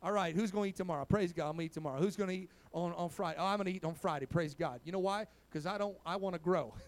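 A man, a pastor, preaching a sermon. He peppers his talk with amen and praise God, and swings from quiet asides to loud exhortation. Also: high-pitched, rapid-fire.

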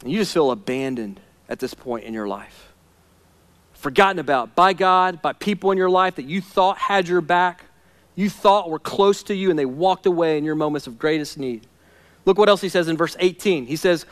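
A man's voice: sits high, animated, normal speed. A man preaching a sermon as a pastor, earnest and conversational, asking his listeners direct questions.

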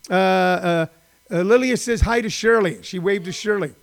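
A middle-aged man talks to his live-stream viewers from home in a rambling, chatty way, full of filler words. His voice sits high for a man. It carries a gravelly, creaky edge. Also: normal speed. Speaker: live-stream host and former stand-up comic.

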